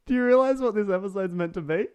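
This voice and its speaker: A man's voice: sits high, darkish tone, smooth, no room sound. A man co-hosting a casual podcast, teasing and chatty. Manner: teasing, chatty, quick to laugh. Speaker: podcast co-host.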